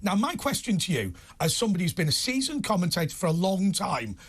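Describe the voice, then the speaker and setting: A man from Greater Manchester co-hosting a political talk show, animated and argumentative, often interrupting. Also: high-pitched, fast, husky. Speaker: co-host.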